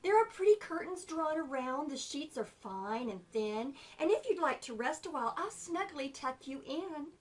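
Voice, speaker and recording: A woman's voice: high voice, sing-song, normal speed, few pauses, pitched above the performer's own voice. A woman voicing a cunning, sweet-talking male spider from a poem, with a sugary, coaxing manner.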